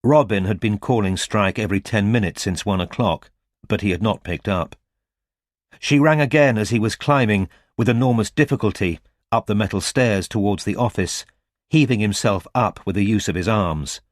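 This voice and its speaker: A male audiobook narrator with a low voice reads scripted narration at normal speed. The recording is dry, with clean studio sound.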